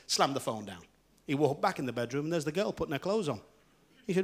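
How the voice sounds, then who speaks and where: A man's voice: on the high side, very animated. A middle-aged man hosting a live variety show, telling jokes in a stand-up monologue with frequent chuckles. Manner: brisk joke-telling with chuckles. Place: large theatre stage. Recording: live theatre with roaring audience. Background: loud audience laughter and applause.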